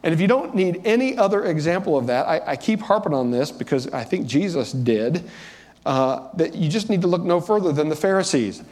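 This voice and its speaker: A man's voice: fairly high pitch, lively intonation, brisk, darkish tone. A man pastor preaching a sermon in a church, talking conversationally and lifting his voice for emphasis. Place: church sanctuary. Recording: long reverb of a church hall.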